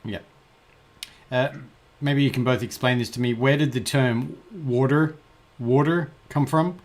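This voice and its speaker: A man co-hosting a casual podcast. He talks haltingly, with many "uh"s and restarts. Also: medium pitch. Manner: hesitant, stammering restarts. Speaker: co-host.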